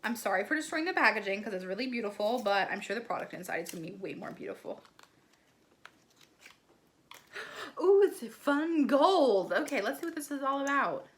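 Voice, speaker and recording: A woman beauty vlogger gushing through an excited unboxing, gasping often and filling her talk with "like" and "oh my gosh.". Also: a little high, quick pace, hardly any pauses. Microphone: ring light setup, desk camera.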